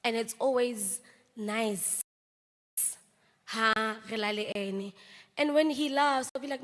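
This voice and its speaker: Brief: slow, high, bright South African actress telling eulogy anecdotes in a reverberant memorial hall. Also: female voice. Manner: anecdotal, mixes languages, laughs between stories.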